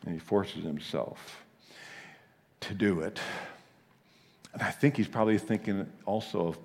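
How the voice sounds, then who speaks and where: A man preaching a sermon, telling the story with animated delivery and frequent chuckles. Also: low voice, unhurried, vocal fry, pauses often, big-room sound.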